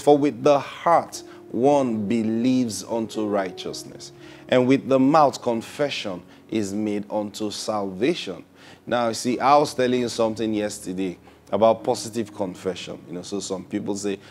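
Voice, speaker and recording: A man preaching a sermon, opening with prayer and acting out little dialogues, swinging from soft to loud. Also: lowish voice.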